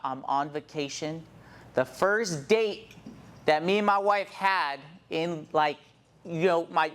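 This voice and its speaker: A man's voice: on the high side, fairly bright tone. A man in his thirties, a church planter, telling a heartfelt personal testimony in an earnest storytelling manner.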